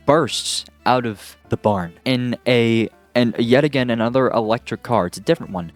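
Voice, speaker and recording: Man, movie reviewer, casual recap, exasperated, sarcastic, average pitch. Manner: exasperated, sarcastic, keeps asking "okay?".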